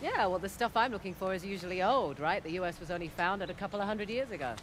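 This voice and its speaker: A woman's voice: medium pitch, expressive, fast, slight background noise, natural voice. An actress playing a seasoned female treasure hunter in a video game, bantering dryly. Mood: wry. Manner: dry, teasing banter. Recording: game audio with loud ambience.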